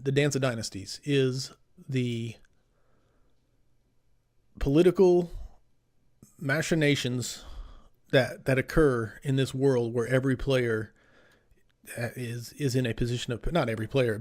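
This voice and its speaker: A man's voice: mid-range voice, fairly even intonation, normal speed, a little mellow. Rambling man explaining at length. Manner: rambling explanations, many fillers. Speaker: podcast co-host. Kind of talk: casual gaming chat.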